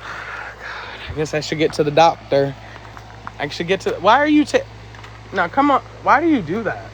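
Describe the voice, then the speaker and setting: High-pitched guy on his phone live, chatty and laughing at comments, kinda winded. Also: big pitch swings, moderate pace, fairly bright tone, a little hiss or hum, low-quality recording. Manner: chatty, laughing, teasing viewers back. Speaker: live streamer. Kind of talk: casual live-stream chat reading comments.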